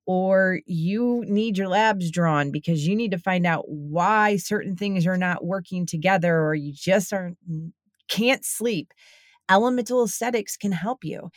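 A woman's voice: fairly low pitch, no echo, studio quality. A woman hosting a podcast, reading a sponsor spot and then asking her guest questions in an upbeat, conversational way. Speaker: podcast host. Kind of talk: casual interview with ad read.

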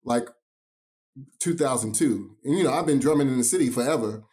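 A man's voice: medium pitch, animated, a little fast, warm tone. Enthusiastic man telling drumline stories. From New York. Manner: enthusiastic, emphatic, says "man" a lot. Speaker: drumline instructor and podcast guest. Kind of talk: casual interview storytelling.

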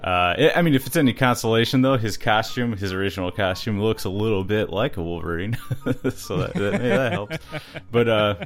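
Very low-voiced man, casual podcast co-host. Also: fairly quick. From Canada. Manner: rambling, with many uhs and little laughs. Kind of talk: casual chat.

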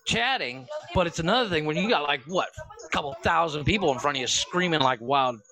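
A man's voice: on the high side, lively intonation, brisk, pushed and bright, rough recording. A man co-hosting a podcast, chatting casually with joking asides and short agreements. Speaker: podcast co-host. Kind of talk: casual banter.

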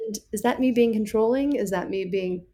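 She's a young woman talking openly on a podcast, animated and playful. She slips into quick put-on voices when she quotes herself or others, then drops back into her easy chat. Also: mid-range voice. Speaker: podcast guest. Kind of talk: candid podcast conversation.

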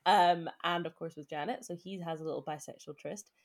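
Chatty low-voiced young woman podcaster. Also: brisk. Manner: chatty, laughs often, trails off in filler words. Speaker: podcast co-host. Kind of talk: casual chat.

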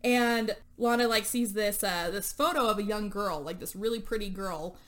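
A woman's voice: medium pitch, normal speed, fairly bright tone. Chatty woman rambling through a movie recap. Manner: chatty and rambling, heavy on "like" and "and stuff", laughing as she goes. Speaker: podcast co-host. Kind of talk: casual chat recapping a movie plot.

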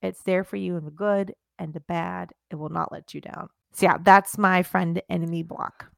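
A woman's voice: on the low side, steady tone, moderate pace, creaky, dry recording, studio quality. A woman co-hosting a casual podcast chat, playful, defending her opinions with mock seriousness. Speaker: podcast co-host.

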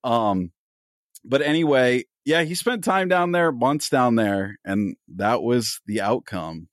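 A man from New England co-hosting a podcast, chatting in a relaxed, joking way and laughing easily. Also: mid-range voice, slow, no room sound, clean studio sound. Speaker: podcast co-host. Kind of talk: casual chat.

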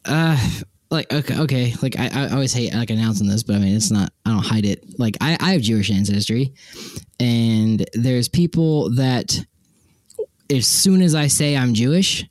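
A young man co-hosts a podcast in loose, rambling casual chat, tripping over fillers and restarting his thoughts. His voice sits at an ordinary middle pitch. The sound is dry and close to the mic. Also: moderate pace, no room sound. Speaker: podcast co-host.

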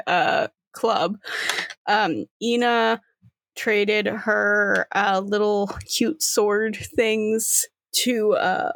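A young woman narrating a tabletop game as game master, slow and casual, peppered with fillers and the odd curse. Her voice has a gravelly fry. The recording is dry and close. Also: medium pitch, no echo. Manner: casual, loose, with many fillers and swearing.

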